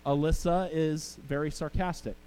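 A man's voice: a little high, fairly even intonation, normal speed, mellow, clean tone, low-quality recording. A middle-aged male pastor preaching a sermon, telling family stories and talking with the congregation. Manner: storytelling, conversational with the congregation.

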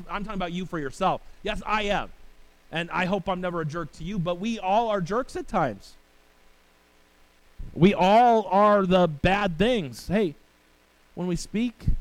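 A man's voice: on the high side, low-quality recording. A male pastor preaching a sermon in a conversational way, often asking "right?" and reading scripture aloud. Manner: conversational preaching with rhetorical questions and asides; reads scripture in King James wording.

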